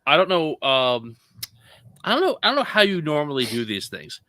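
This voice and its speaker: A man's voice: a little high, sing-song, normal speed, pushed and bright, no echo. A man appearing as a podcast guest, talking hesitantly with many fillers in casual chat. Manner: hesitant, hedging.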